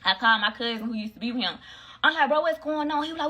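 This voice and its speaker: A woman's voice: fairly quick, slight background noise. A young woman telling a casual story on a phone livestream, acting out the voices of the people in it. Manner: animated storyteller, acts out voices, swings high for quoted friends.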